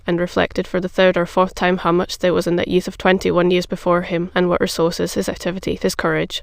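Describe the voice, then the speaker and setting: A narrator reads a classic adventure novel in an even, measured voice with a gravelly edge. The delivery stays flat and smooth. The sound is dry and close, with no room around it. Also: medium pitch, no echo. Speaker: audiobook narrator. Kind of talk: scripted narration.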